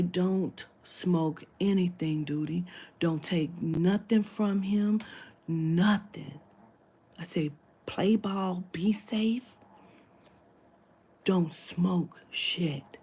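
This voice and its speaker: Gravelly, husky woman telling a story. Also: mid-range voice, slow, mellow. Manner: acts out quoted dialogue, swears freely, drops into whispers. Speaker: spiritual reader telling a client story. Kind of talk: casual storytelling monologue.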